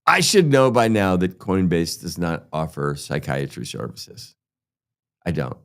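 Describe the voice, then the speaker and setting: A man's voice: low-pitched, big pitch swings, normal speed, fairly bright tone. A man hosting a crypto show, ranting heatedly and sarcastically with constant swearing. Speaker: crypto podcast host. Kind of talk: profane ranting monologue.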